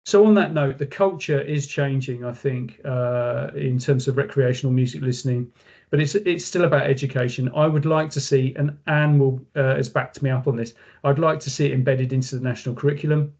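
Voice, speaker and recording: A man's voice: mid-range voice, brisk, darkish tone, lo-fi sound. A man, a company director, speaking casually as a webinar guest, rambling with many fillers and restarts.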